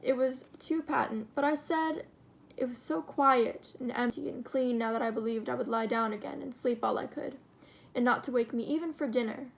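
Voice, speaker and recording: A woman reading a short story aloud in an expressive, steady storytelling manner. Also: on the high side, normal speed, vocal fry. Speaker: reader.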